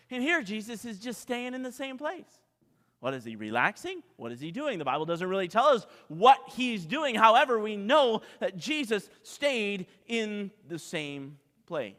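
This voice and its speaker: A man's voice: extremely high pitch, bright, forceful tone. A man preaching a dramatic sermon as pastor, asking the congregation rhetorical questions. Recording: long hall reverb.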